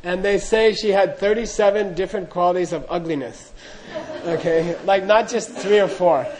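A man with a fairly high voice tells a teaching story to a group, chatting casually. He keeps checking in with listeners through frequent asides and small laughs. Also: normal speed, a little mellow, poor audio. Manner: chatty, full of "you know" asides, laughing. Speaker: dharma teacher. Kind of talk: storytelling talk.

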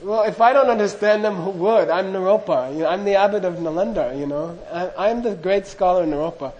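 A self-assured monk scholar boasting of his learning in a fairly high voice, as a male storyteller acts him out. His manner is proud and matter-of-fact. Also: fairly quick, a little mellow, dull audio, natural voice. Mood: boastful. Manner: boastful, then doubtful.

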